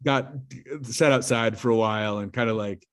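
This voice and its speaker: Rambling low-voiced man telling a story. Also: steady tone, normal speed, a bit bright, smooth. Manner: rambling, filler-heavy storytelling. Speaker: podcast guest. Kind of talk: casual chat.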